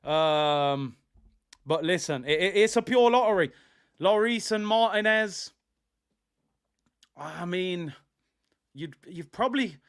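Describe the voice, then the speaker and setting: A young man hosting a live football watch-along, talking in casual slang and shouting excitedly at chances. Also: a little high.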